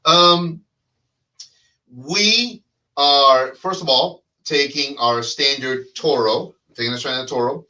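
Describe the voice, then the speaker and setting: A male host chatting on a live show, animated and joking with rambling sales patter. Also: mid-range voice, slow pace, recorded from a distance, poor audio. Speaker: host and cigar brand representative. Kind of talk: live casual chat show.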